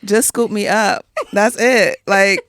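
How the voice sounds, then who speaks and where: Slow, gravelly-voiced woman podcast guest. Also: medium pitch, steady tone, fairly bright tone. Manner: laid-back, joking, dialect speech. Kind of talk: casual chat.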